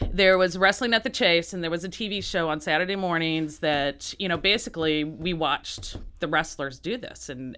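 A woman artist answering interview questions, halting with many restarts and often laughing. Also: fairly low pitch, a bit bright, clear, resonant tone. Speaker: artist, guest. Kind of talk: interview conversation.

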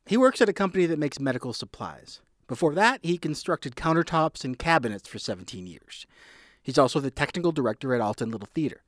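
A male radio reporter narrates a scripted feature, his pitch moving a lot and sitting slightly high. The recording is close and dry. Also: big pitch swings, fast talker, no echo.

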